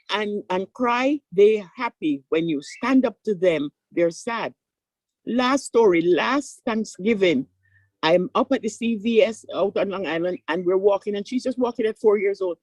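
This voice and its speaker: An older woman, a surgeon, speaking on a conference panel and telling stories with animated voices for the people in them. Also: medium pitch, no echo, low-quality recording. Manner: animated storytelling, acting out voices in quotes.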